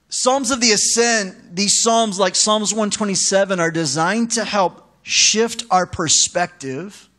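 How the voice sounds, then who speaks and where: With a high voice, a man preaches as pastor in a lively, conversational manner, breaking off for asides to his congregation.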